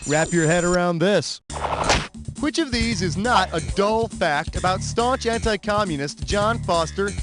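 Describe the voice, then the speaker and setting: A man's voice: sits high, unhurried. A man voicing a brash, sarcastic quiz show host in a comedy trivia game. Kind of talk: video game voice acting. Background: game music.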